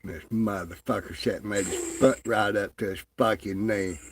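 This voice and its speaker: A man's voice: fairly low pitch, fairly even intonation, normal speed, background noise. A man ranting in crude, profane, mocking commentary, drawling with lots of fillers. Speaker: online commentator.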